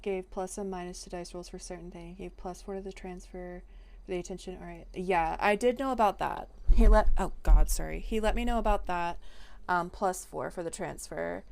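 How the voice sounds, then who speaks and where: A young adult woman streaming, chatting casually and playfully to her viewers with sudden excited outbursts. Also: lowish voice, normal speed, creaky.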